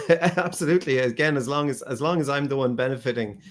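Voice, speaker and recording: A man's voice: medium pitch, fairly quick. A man with an ordinary mid-range voice co-hosts a podcast in casual chat. He talks hesitantly, restarts his sentences often, and laughs now and then. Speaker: podcast co-host, actor.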